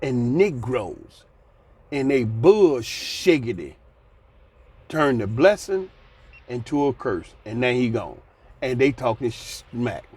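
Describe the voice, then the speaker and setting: A man's voice: mid-range voice, sing-song, takes it slowly, pauses often, darkish tone, husky. A man in his sixties giving blunt, folksy commentary, ranting and sighing between points. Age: 60s. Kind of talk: casual commentary vlog.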